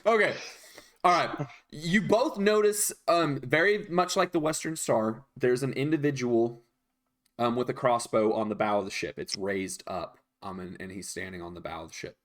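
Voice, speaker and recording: Relaxed man running a tabletop game. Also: mid-range voice, normal speed. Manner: relaxed, hesitant with many ums. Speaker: game master.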